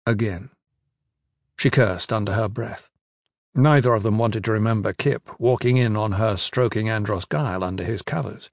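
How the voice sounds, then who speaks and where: A man's voice: on the low side, normal speed, vocal fry, no room sound. Man narrating a fantasy audiobook, very dry.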